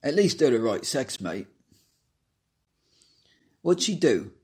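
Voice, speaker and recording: A man's voice: mid-range voice, sing-song, takes it slowly, darkish tone. A man voicing a nosy Cockney man with a teasing, prying manner, in a Cockney accent.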